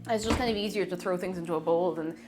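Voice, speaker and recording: A low-voiced woman talks quickly over music while cooking live in her kitchen at home. Casual and chatty, she reads the chat aloud and greets viewers excitedly, sometimes wandering off-mic as she cooks.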